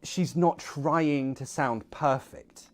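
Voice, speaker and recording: A man's voice: a little high, slow pace, music in the background. A man who is an English teacher and dialect coach, speaking straight to viewers about actors' accents. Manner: direct explainer, addresses viewers. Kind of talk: online video presenting.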